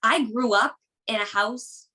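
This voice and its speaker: Boston girl guest on a podcast, high bright voice, very animated, laughs a lot. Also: unhurried. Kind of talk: casual chat.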